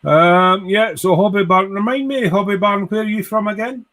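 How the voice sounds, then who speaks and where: A man's voice: high-pitched, moderate pace, fairly bright tone. A man hosting a casual live stream, rambling cheerfully, swearing freely and reading out viewer comments.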